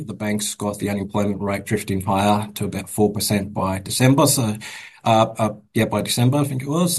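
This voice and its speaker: A man's voice: fairly low pitch, low-quality recording. A man with an Australian accent, a bank economist answering interview questions with many fillers and restarts. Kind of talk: casual interview commentary.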